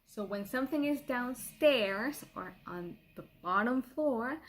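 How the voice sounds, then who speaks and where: A middle-aged woman teaching a children's language lesson in a playful, patient way, repeating words slowly for pupils to copy. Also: on the high side, lively intonation, a little hiss or hum. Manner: playful, laughs at herself.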